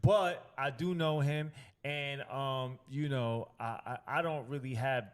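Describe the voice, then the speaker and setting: A man's voice: mid-range voice, steady tone, slow, clean tone. A man on an interview podcast, speaking hesitantly with repeated words and fillers. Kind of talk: interview talk.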